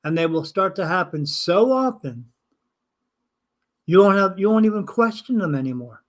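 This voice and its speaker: High-voiced older man telling a story. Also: normal speed. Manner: animated, acts out dialogue, casual swearing. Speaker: spirit medium hosting a live stream. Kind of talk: casual anecdotal storytelling.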